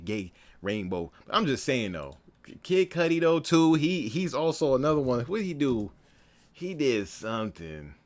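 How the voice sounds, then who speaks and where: A low-voiced man gives loose reaction commentary on a stream. His pitch swings widely as he riffs, swears freely and breaks into laughter.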